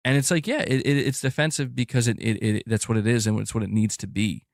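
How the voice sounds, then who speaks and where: A man defending himself in a personal rant to his viewers, halting and repeating words as he goes. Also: on the low side, steady tone, creaky, no room sound, clean studio sound.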